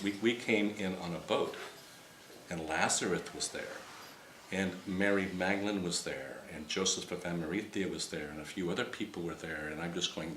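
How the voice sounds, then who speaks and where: A man telling a personal story to a group in casual, animated style, rambling with restarts and acting out the dialogue he quotes. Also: deep voice, normal speed, a little hiss or hum. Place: meeting room with a live audience. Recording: roomy hall with faint ambience.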